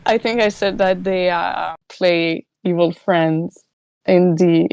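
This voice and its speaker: A woman's voice: lowish voice, fairly even intonation, slow, gravelly, darkish tone, clear, resonant tone. A woman from Quebec with a French-Canadian accent, a native French speaker co-hosting a podcast in English. She speaks hesitantly, searches for words and laughs often. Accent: Québécois French. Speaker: podcast co-host. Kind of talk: casual podcast chat.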